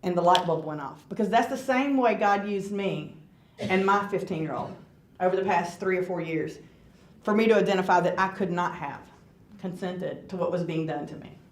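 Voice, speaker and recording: A woman's voice: on the low side, moderate pace, a little hiss or hum. Brief: woman, guest speaker, earnest and conversational testimony, roomy church hall sound. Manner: earnest, conversational, asks the audience questions. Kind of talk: personal testimony talk.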